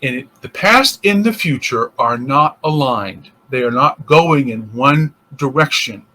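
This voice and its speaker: A man's voice: medium pitch, lively intonation, a little slow, pushed and bright. A male interfaith minister giving a casual spiritual teaching, thinking aloud with restarts and acting out inner voices.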